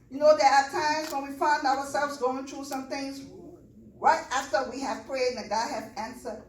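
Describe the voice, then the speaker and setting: A woman's voice: sits high, fairly even intonation, moderate pace, echoey room, distant mic, rough recording. A woman preaching a sermon to a church, building to fervent, repetitive calls to the congregation.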